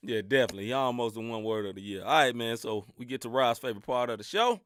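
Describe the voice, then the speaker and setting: A man's voice: mid-range voice, fast, a bit bright, smooth. A man from the Mid-South with a Southern accent, co-hosting a casual sports podcast with slangy, laughing banter. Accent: Southern American. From Mid-South United States. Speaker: podcast co-host.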